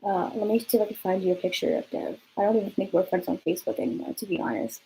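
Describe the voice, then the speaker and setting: A young woman talks straight to camera in a loose storytime vlog, chatty and blunt, swearing without a second thought. Her voice is mellow and a little dark. A faint hiss sits under the recording. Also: mid-range voice, steady tone, fast, rough recording. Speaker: vlogger.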